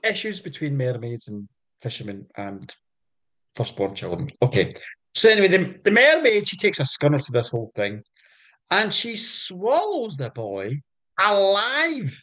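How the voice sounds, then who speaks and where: A man, co-hosting a podcast and retelling folk tales in a playful, animated way with jokey asides. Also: fairly high pitch, unhurried. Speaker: podcast co-host. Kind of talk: comic storytelling chat.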